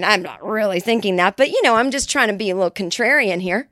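A woman with a high-pitched voice delivers a comedy podcast monologue, sarcastic and profane. She jumps into shrill mocking voices when she quotes people. The sound is close and dry, with no room around it. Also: fairly quick, hardly any pauses, no room sound. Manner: profane, sarcastic, animated ranting. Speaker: podcast host.

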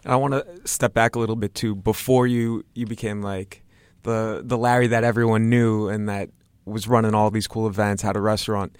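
A man's voice: on the low side, level tone, normal speed, a little mellow, smooth, dry recording. A man interviewing a guest, asking curious questions in a conversational way.

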